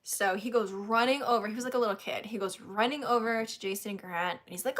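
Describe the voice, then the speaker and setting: A woman host telling a story in casual chat, animated, laughing often and acting out what others said. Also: mid-range voice, fast, hardly any pauses.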